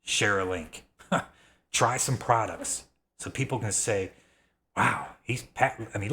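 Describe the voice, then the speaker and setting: A man in his thirties making an excited, repetitive sales pitch, getting worked up as he talks. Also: takes it slowly, pauses often. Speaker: affiliate marketer. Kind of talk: excited sales pitch, self-described rant.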